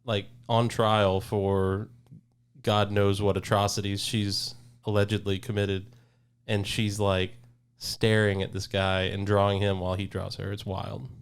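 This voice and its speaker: A man on a casual podcast, telling a story in a dry, deliberate way. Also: fairly low pitch, completely flat delivery, clear, resonant tone. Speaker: podcast co-host.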